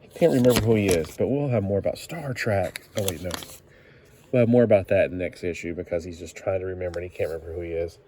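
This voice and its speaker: Low-voiced man casually reviewing comics. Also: fast, dark tone, a little hiss or hum. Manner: rambling, with frequent fillers and self-corrections.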